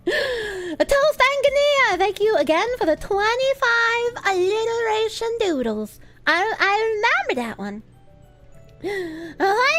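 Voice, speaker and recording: Woman streamer, high bouncy voice, giggly, crude loud outbursts, faint background music. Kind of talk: casual live-stream chat reading donations.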